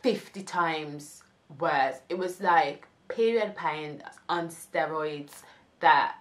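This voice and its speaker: A young woman telling a casual story, animated and acting out the people she quotes. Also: sits low, slow. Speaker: vlogger.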